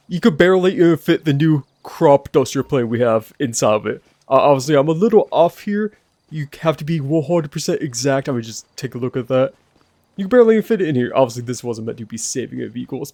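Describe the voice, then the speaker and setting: A man's voice: fairly high pitch, darkish tone, no room sound, clean studio sound. A man giving casual gameplay commentary over footage as a gaming YouTuber, talking straight to his viewers in a chatty way.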